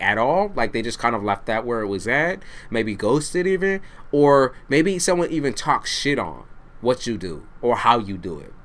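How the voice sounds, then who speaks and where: A man's voice: medium pitch, a bit bright. A man reads tarot to camera in an ordinary mid-range voice. He is blunt and curses freely. He speaks straight to the listener and hammers his points home by repeating them. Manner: blunt, profane, repeats for emphasis; addresses the listener directly. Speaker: tarot reader.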